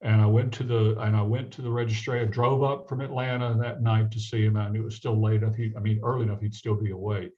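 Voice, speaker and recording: Fast and flat, with hardly any pauses, a lowish male voice comes through dull audio. He is a guest physician from the American South recounting a personal story in conversation and voicing its characters.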